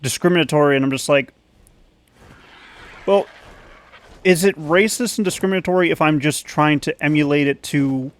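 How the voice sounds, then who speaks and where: A man's voice: fairly high pitch, steady tone, moderate pace, long pauses. A man giving rambling, self-conscious commentary as a YouTuber while playing a game. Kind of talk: casual gaming commentary.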